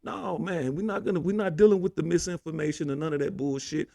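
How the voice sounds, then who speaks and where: A man's voice: a little high, fairly even intonation, quick pace, vocal fry, warm tone, no room sound. A man hosting a political commentary show, ranting heatedly with constant profanity and repeated "man".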